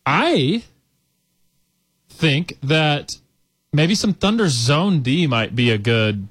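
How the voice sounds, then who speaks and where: Laid-back sports radio analyst, dry studio. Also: male voice, a little high, lively intonation, very slow, fairly bright tone, breathy edge, dry recording. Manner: thoughtful, hedging, talks through ideas. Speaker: radio sports show co-host.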